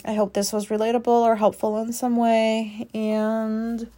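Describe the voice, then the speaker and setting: A woman's voice: fairly high pitch, monotone, a little slow, dark tone. Frank, rambling woman podcaster. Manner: rambling, self-questioning, frank with casual swearing. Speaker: podcast host. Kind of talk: casual solo podcast monologue.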